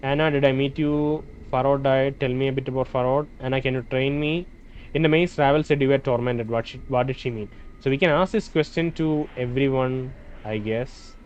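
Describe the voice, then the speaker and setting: A man playing a role-playing game, reading its dialogue aloud and thinking out loud between lines. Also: mid-range voice, fairly even intonation, moderate pace, dull audio, slight background noise. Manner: hesitant, restarts and fillers, reads dialogue in plain voice. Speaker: gameplay streamer.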